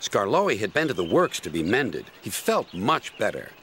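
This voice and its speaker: A man narrating a children's story in an expressive storybook manner. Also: on the low side, moderate pace. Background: music.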